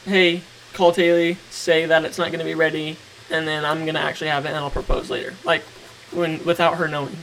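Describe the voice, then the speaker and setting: A young man in his twenties casually telling a story as podcast co-host, relaxed and rambling. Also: a little high, a little fast, rough recording. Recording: faint hiss.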